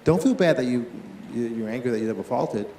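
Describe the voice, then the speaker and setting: This on-court tennis demonstration features a mid-range male coach whose voice echoes. Lively and quick with his questions, he addresses both the players and the coaches, over slight background noise.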